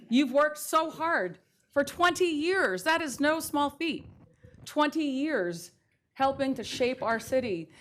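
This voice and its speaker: A woman's voice: a little high, a bit bright. A middle-aged woman mayor giving a heartfelt farewell tribute in a city council chamber, speaking close to tears into a dais microphone.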